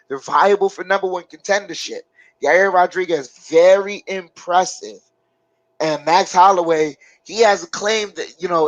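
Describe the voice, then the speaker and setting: On a loose live-stream sports talk show, a male co-host with a fairly high voice rambles and hesitates, filling the gaps with lots of fillers while he thinks. The recording is dry and close, with no room echo.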